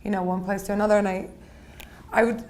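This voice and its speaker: Woman, podcast guest, photographer, animated, says like a lot, faint hiss. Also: mid-range voice, quick pace. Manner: animated, heavy use of "like". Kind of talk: casual interview chat.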